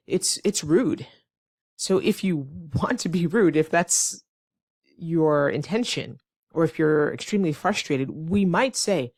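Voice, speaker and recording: An American woman teaching English phrases in an online lesson, lively and with playful acted-out examples. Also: deep voice, measured pace, no room sound, studio quality.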